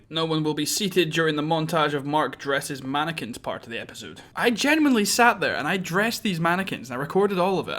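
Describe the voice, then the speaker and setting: Young man, bright lively voice, self-mocking game commentary. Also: fairly high pitch. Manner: self-mocking, animated, rambling. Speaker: gaming channel host. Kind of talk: post-recorded gameplay commentary.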